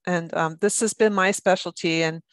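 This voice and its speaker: A middle-aged woman gives a lecture in a somewhat low voice, often stopping to restart her sentences and repeating words as she goes. Her voice is recorded dry and close, with no room sound around it. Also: steady tone, normal speed, dry recording. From United States. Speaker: presenter on birth trauma.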